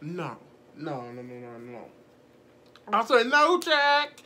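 Bright, animated woman telling a story. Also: rumbling low, slow pace. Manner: animated, profane, laughs often, mimics people in her story. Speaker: vlogger. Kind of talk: casual storytime.

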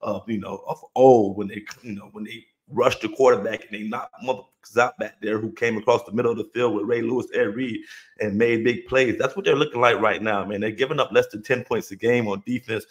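A man's voice: on the low side, steady tone, a little fast. A man hosting a sports podcast, giving emphatic, casual commentary, repeating phrases for punch and cursing freely. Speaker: podcast host.

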